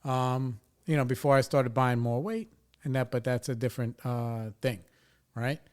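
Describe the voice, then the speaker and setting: A man's voice: mid-range voice, fairly even intonation, moderate pace, a little mellow, smooth. A man in his forties from New York State, a podcast host telling a story in a rambling, profane way and tagging his lines with "right?" and "you know". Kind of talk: casual storytelling.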